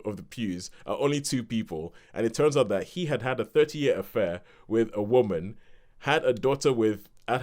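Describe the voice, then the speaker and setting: A man co-hosting a podcast rambles casually through a review, laughing between points. His voice is mid-range with a darkish tone.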